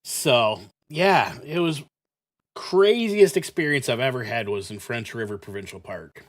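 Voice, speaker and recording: Male game host, casual rambling storyteller, salty language, mid-pitched. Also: animated, measured pace. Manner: rambling, profane, heavy use of fillers. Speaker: gaming channel host. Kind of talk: casual storytelling while playing.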